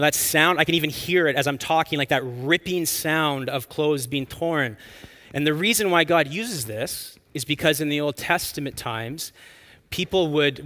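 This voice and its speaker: Bright-voiced man preaching earnestly. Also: fairly high pitch. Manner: earnest, expressive preaching with stretched-out emphatic lines. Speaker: pastor. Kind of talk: sermon.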